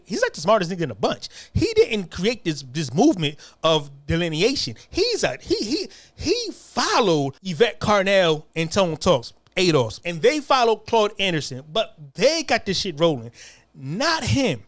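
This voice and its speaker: A man's voice: high-pitched, huge pitch swings, moderate pace, dry recording. An American man delivering a heated, profane monologue, hammering his points with repeated phrases. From United States. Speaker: commentator.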